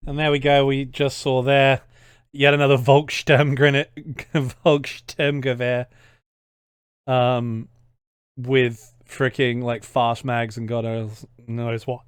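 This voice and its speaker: A man's voice: medium pitch, flat delivery, slow, smooth, no echo, clean studio sound. A young Australian man giving casual reaction commentary as a history YouTuber, ranting in an exasperated, sweary way.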